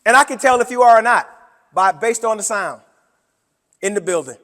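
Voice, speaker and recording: A man presenting a workshop to teachers, with an animated, preacher-like delivery that swings between loud and soft. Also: high-pitched, moderate pace. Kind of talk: conference talk to educators. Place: conference room. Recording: hall with long reverb.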